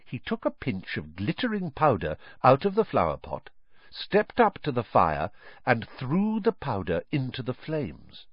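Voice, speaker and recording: A man narrating a storybook in an expressive, animated reading style, on a dull, dry recording. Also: medium pitch, measured pace, husky, no echo. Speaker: audiobook narrator.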